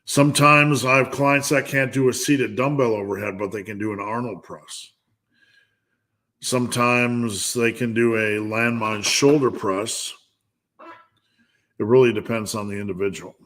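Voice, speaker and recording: Speaking at a measured pace with fairly even intonation, the middle-aged strength coach has a medium-pitched, slightly bright voice. During his live Q&A he reads viewers' questions and answers them with blunt, humorous lifting advice, restarting frequently.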